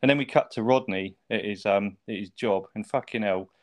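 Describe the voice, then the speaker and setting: A man's voice: on the low side, fairly quick. A man, chatting casually as a podcast co-host, swearing and laughing often. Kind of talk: casual chat.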